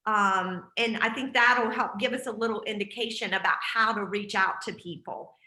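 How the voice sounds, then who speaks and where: A woman's voice: mid-range voice, fairly even intonation, moderate pace, pushed and bright, reverberant, low-quality recording. A woman leading a team video call, speaking in an encouraging, casual way with frequent fillers. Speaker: team leader hosting a group call. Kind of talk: casual group call talk.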